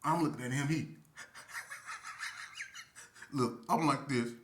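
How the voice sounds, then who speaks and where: A man telling a casual comic story in slangy talk, animated and acting out the voices of the people in it. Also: medium pitch, brisk, a little hiss or hum. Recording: echoey room.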